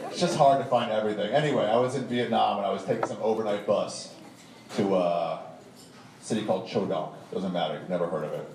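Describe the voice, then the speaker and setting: A stand-up storyteller with a lowish voice tells a rambling, profane comic story at a brisk clip, laughing along as he goes. It was captured live from the audience at a show venue, so the recording sounds distant, echoey and noisy.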